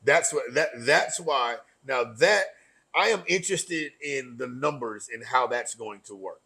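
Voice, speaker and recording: A man's voice: mid-range voice, a little slow, sharp tone, husky, rough recording. A man co-hosting a casual political chat who cuts in often with provocative, joking remarks. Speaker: podcast co-host.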